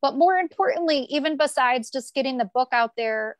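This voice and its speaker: A woman's voice: high voice, expressive, brisk, no room sound. A young woman guest speaking earnestly about her own story in an interview, often repeating phrases for emphasis. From United States. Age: young adult. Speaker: podcast guest, author. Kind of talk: emotional personal storytelling.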